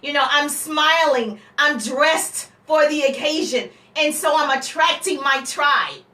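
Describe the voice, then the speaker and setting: A woman seminar coach with a high, bright, ringing voice teaches networking scripts to a live audience. She talks with energy, acting out both sides of a conversation and throwing in teasing asides. The sound is roomy and echoey, caught from some distance off the mic. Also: a little slow. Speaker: business coach.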